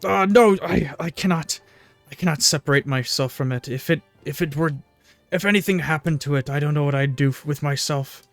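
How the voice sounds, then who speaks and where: An old cursed minotaur, as a man puts him on, weeping and remorseful, in a voice pitched higher than the narrator's own. He stammers and repeats himself, begging people to stay back. Faint music plays behind the tabletop game. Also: dry recording, lightly acted. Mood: sorrowful pleading. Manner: sobbing, halting, pleading.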